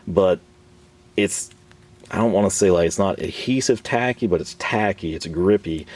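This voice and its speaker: A man with a Texan accent, hoarse from losing his voice, chatting casually and rambling through a hands-on tool review. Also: low voice, a little mellow. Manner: rambling, chatty, laughs often. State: hoarse, recovering from lost voice.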